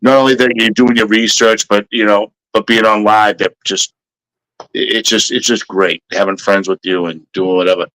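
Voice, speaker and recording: A man's voice: lowish voice, steady tone, normal speed, bright, forceful tone, rough recording. A man co-hosting a casual live stream, eager, emphatic and persuasive.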